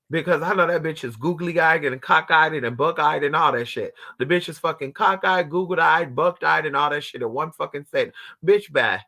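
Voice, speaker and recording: A man's voice: moderate pace, gravelly, hardly any pauses, sharp tone. A man talking to his viewers in a brash, profane, dramatic way, acting out the people and dogs in his story. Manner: swings between high squeals and low mutters. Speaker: livestream host.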